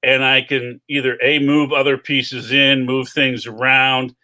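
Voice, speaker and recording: A man chatting as a guest artist, animated and self-deprecating in casual conversation. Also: mid-range voice, unhurried. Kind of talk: casual chat.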